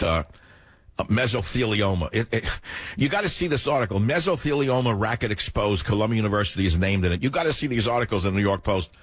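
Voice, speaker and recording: An older man hosting a radio talk show, ranting sarcastically through an opinionated monologue with a husky voice. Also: lowish voice, dry recording.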